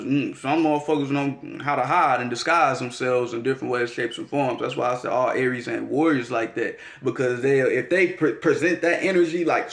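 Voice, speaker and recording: Man, slangy and profane astrology vlogger, slightly high voice, roomy echo. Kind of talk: casual monologue.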